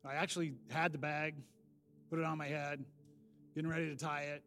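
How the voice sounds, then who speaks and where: A man's voice: a little high, flat delivery, a little fast, a bit bright, faint music behind. A man telling his personal testimony in a candid, earnest storytelling manner with sudden emphatic bursts. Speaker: speaker giving a personal testimony. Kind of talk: spoken testimony message.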